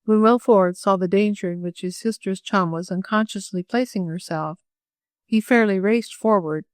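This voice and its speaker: A woman reading a classic children's novel aloud as an audiobook narrator, clear and measured. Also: medium pitch, darkish tone, no echo, studio quality.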